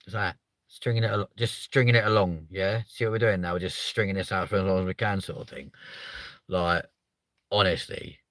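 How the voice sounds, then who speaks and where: A man's voice: fairly even intonation, a little fast, fairly bright tone, no echo. A man hosting a comedic live stream, rambling and swearing as he jokes with his viewers. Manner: sweary, rambling, jokey, slips into silly high voices.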